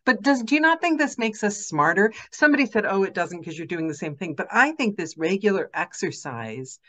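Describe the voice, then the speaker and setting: A woman's voice: medium pitch, expressive, a little fast, a bit bright. A woman narrator hosting a casual chat, laughing often and reading out viewer comments. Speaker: podcast host, narrator.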